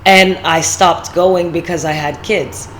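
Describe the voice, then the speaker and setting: A woman's voice: fairly low pitch, steady tone, slow pace, fairly bright tone, a little hiss or hum, poor audio. Congested woman giving casual life advice. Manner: rambling, personal, with fillers. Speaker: vlogger. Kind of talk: casual motivational talk.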